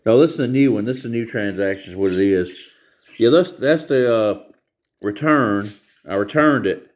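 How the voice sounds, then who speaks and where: A man's voice: lowish voice, moderate pace. Guy venting on his vlog, rambles on, keeps repeating himself, lots of uh's. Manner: rambling and repetitive, many hesitations. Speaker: vlogger reviewing stores. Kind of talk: casual rant retelling a store visit.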